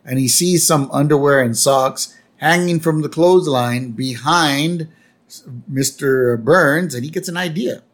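A man's voice: on the high side, measured pace. A man co-hosting a podcast, narrating episode events in casual chat with fillers. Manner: narrates plot step by step, fillers, acts out lines. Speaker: podcast co-host.

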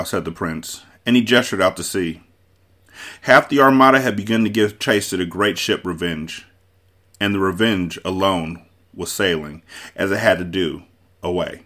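A man hosting a book podcast, reading a novel aloud in steady narration. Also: deep voice, moderate pace. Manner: steady narration, voicing characters.

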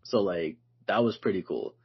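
A man co-hosting a podcast in casual chat, relaxed and loose, says "like" a lot and laughs often. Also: deep voice, moderate pace, breathy edge, muffled recording. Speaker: podcast co-host.

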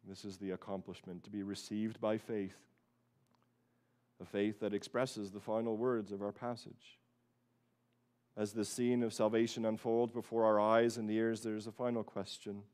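A man, a pastor, preaching an earnest sermon, repeating key phrases for emphasis and swinging from quiet, low passages to loud, high bursts. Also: level tone, moderate pace. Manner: earnest preaching that rises loud and high on quoted voices, then drops low.

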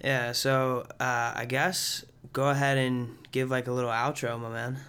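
A man's voice: medium pitch, flat delivery, measured pace, fairly bright tone, clear, resonant tone. A young man hosting a podcast interview, upbeat and encouraging, calling his guest dude. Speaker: podcast host. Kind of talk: casual interview chat.

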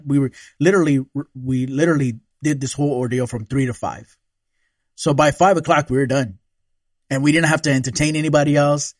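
A man's voice: mid-range voice, no room sound, clean studio sound. A man telling a personal story in casual chat. He swears a lot and laughs often. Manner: relaxed, profane, laughs often.

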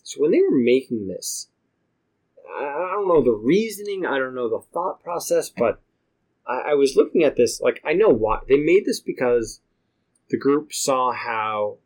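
A man's voice: medium pitch, animated, unhurried, darkish tone, rough recording. A man co-hosting a casual video game podcast, joking and exasperated, laughing often. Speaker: podcast co-host. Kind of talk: casual game review chat.

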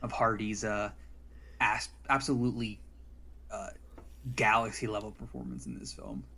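A man's voice: on the low side, big pitch swings, normal speed, vocal fry, pushed and bright, husky. A man co-hosting a casual podcast about movies, talking in a rambling, sardonic way and often restarting his sentences. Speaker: podcast co-host.

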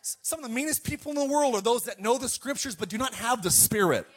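A male pastor in middle age delivers a sermon in a high, bright-sitting voice. He tells family stories with lively energy and keeps drawing the congregation in with calls to respond. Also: quick pace. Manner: animated storytelling, calls to the congregation.

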